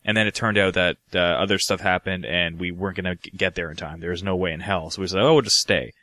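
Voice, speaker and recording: Rambling low-voiced podcast guy. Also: fairly even intonation, fast talker, sharp tone, dry recording. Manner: rambling storyteller, swears casually, laughs often. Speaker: podcast co-host. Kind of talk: casual podcast chat.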